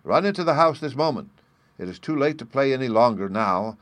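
No-nonsense dad in a storybook, firm and loud-ish man reading it. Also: on the low side, expressive, fairly quick, dry recording, close to an everyday voice. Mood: brusque. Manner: brusque and firm. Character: hearty, common-sense father, half vexed.

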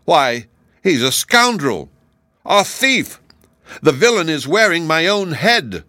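A man voicing a quick-tempered tin soldier with a harsh, indignant way of speaking. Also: on the high side, expressive, fairly bright tone, dry recording, clean studio sound, pitched above the performer's own voice.

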